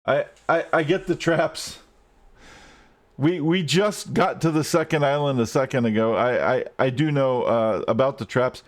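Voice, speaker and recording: A man's voice: mid-range voice, a little slow. A man streaming gameplay live, ranting and swearing at the game as he plays. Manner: frustrated, swearing, rants at the game.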